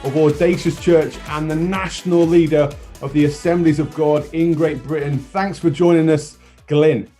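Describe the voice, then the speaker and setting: A man's voice: a little high, fairly even intonation, moderate pace, dark tone, faint music behind. A man hosting a casual interview over a video call, upbeat and bantering with his guest. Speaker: interview host.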